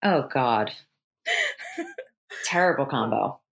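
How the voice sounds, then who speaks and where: Animated woman from New Jersey. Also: rumbling low, slow pace. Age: 30s. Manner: animated storyteller, laughs often. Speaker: podcast co-host. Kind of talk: casual podcast chat.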